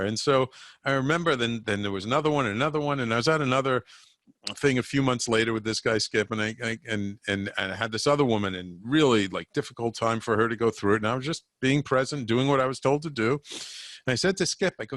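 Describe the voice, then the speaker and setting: A man who works as an energy healer, a guest on an interview show, telling animated anecdotes with stammered restarts. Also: mid-range voice, fast talker, no echo, studio quality. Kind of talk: casual interview storytelling.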